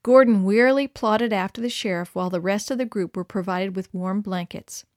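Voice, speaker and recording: A woman narrating a story in a clear, expressive read-aloud manner. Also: medium pitch, a little fast, dry recording, studio quality. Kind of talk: scripted narration.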